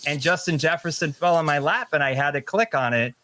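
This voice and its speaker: A man co-hosting a podcast in casual chat, animated and self-mocking, sounding exasperated. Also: fairly high pitch, fairly quick, slight background noise. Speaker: podcast co-host.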